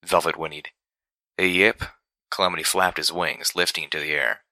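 Low, sharp-voiced male audiobook narrator. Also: fairly even intonation, fast talker, dry recording. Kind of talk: first-person story narration.

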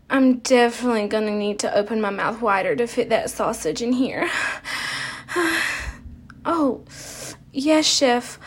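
Brief: woman playing a cheeky kitchen helper in an adult audio role-play, put-on Southern accent, high, slow, breathy and coy. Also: exaggerated voice. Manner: coy, breathy, teasing, drawn-out sighs.

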